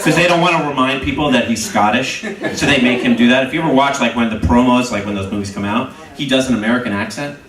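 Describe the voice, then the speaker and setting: A man with a mid-pitched voice speaks haltingly on a comedy panel, full of pauses. He sounds distant in an echoey room. A big crowd laughs loudly around him. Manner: hesitant, halting. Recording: roomy live club from afar.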